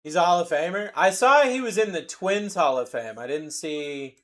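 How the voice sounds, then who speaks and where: A young man with a slightly high voice hosts a card-break livestream. He chats casually and jokes between the cards he calls out. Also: animated, moderate pace, a bit bright. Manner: loose, joking banter while calling out cards. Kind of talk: casual live-stream chat.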